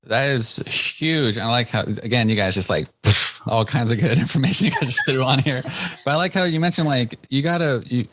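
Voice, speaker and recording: A man's voice: mid-range voice, a little fast, a bit bright, slight background noise. A man hosting a podcast interview, asking follow-up questions in an enthusiastic way and laughing often. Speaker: podcast host.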